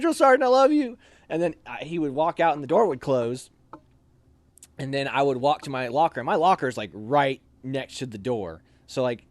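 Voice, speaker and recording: A young man telling army stories in a casual chat, animated and laughing as he acts out lines. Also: a little high, dry recording.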